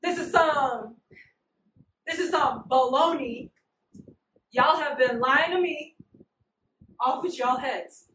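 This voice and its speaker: A man's voice: very high-pitched, slow pace, pauses often, sharp tone, heavily acted. A woman voicing an anxious, distrustful ancient king who makes blunt, slangy threats, told in a casual sermon. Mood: angry. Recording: roomy, distant, noisy hall.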